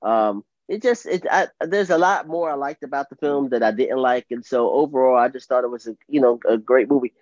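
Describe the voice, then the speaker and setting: A man's voice: medium pitch, a little fast, few pauses, a little mellow, dry recording. A man hosting a casual podcast chat, enthusiastic, laughing often and restarting his sentences. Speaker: podcast host. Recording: dull, dry lo-fi sound.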